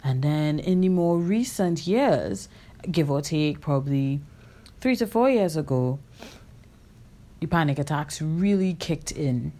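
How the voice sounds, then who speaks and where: A woman's voice: sits low, animated, unhurried, dark tone. A woman hosting a podcast, telling a personal story in a candid, reflective way, with many fillers and self-corrections. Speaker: podcast host.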